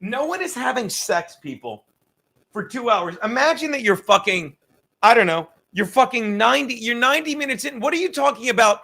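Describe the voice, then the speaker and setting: Host, male, high bright voice, profane rambling livestream chatter, self-mocking. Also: expressive, fairly quick, creaky. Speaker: podcast host reading live chat. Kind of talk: casual crude livestream chat.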